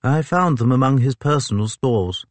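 A man's voice: mid-range voice, lively intonation, moderate pace, no echo, voice pushed up, natural voice. A man voicing a nervous, earnest naval captain with a slight lisp, speaking eagerly and a bit hurriedly in an audiobook. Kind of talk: audiobook character voice.

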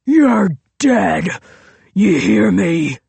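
A woman voicing a brutal, cold-blooded man who snarls threats and drops to a low, icy hiss. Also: expressive, extremely slow, darkish tone, husky, no room sound, exaggerated voice. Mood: raging.

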